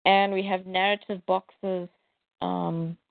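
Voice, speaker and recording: A woman co-host who talks slowly and hesitantly, thinking aloud as she goes. The sound is thin and phone-like, with a dry, close feel. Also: on the low side, flat delivery, vocal fry, no room sound. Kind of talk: casual chat about a comic. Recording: tinny phone-like line, dry.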